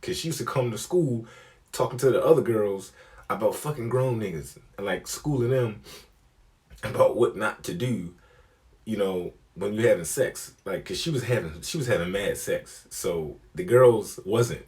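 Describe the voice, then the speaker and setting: Male comedian, young adult, storytelling, profane, acts out quotes, fairly low pitch. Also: normal speed, darkish tone.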